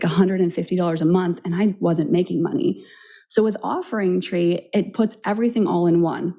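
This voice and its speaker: A woman's voice: on the low side, mellow. A woman who is a yoga teacher talking with enthusiasm in a casual interview. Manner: enthusiastic recommending. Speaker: yoga teacher, studio owner.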